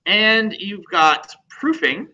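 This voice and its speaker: A man teaching a computer class, talking in a joking, chatty way and putting questions to the students. His voice is bright and forceful with a slightly raised pitch. The recording is dull and lo-fi. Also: sing-song, slow.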